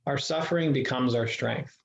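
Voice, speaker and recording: A man's voice: medium pitch, normal speed, vocal fry. Earnest man speaking in an echoey room. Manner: earnest, reflective, with frequent restarts. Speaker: guest. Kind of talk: candid storytelling in an interview. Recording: echoey room, dull lo-fi sound.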